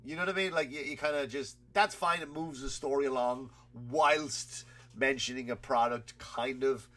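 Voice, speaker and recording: A male comedian holds forth in a loose, rambling rant, swearing freely and breaking into laughter. He has a cold, and his voice sits at an ordinary middle pitch. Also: normal speed, a bit bright. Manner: rambling, profane, laughing at his own stories. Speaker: comedian and podcast host.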